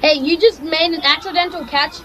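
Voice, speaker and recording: A woman giving casual, chatty commentary while playing a game, excitable and jumping between topics. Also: high voice, brisk, a little hiss or hum. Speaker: gamer streamer.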